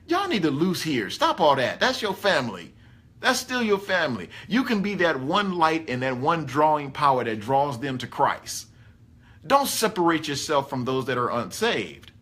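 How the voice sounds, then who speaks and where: Guy giving a chatty sermon, kinda high voice, really animated. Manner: animated, folksy, rising excitedly on key points. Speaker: pastor. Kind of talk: conversational sermon.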